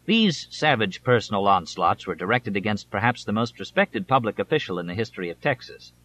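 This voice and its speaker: Man reading a biography, measured. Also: medium pitch, a bit bright, highs cut off. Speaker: audiobook narrator. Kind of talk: scripted narration.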